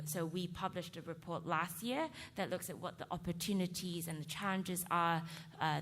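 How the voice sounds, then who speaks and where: A woman's voice: on the low side, fairly bright tone. Woman panelist in an echoing hall. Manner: explanatory, uses "like" and "um" fillers. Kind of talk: conference panel talk. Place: conference hall. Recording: conference hall reverb, faint noise.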